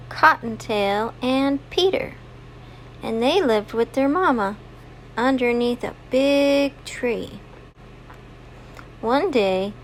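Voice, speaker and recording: A woman reads a children's story aloud in a high, gentle voice. She takes her time, leaning into each moment expressively. It sounds like a mom telling a bedtime tale. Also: slight background noise. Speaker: mother reading a story aloud.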